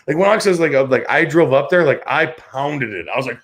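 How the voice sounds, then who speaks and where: A man's voice: medium pitch, lively intonation, fairly quick, a bit bright. A man in his thirties from the Chicago area, hosting a sports talk show and telling rambling, profane stories in which he acts out the other voices. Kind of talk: casual podcast storytelling.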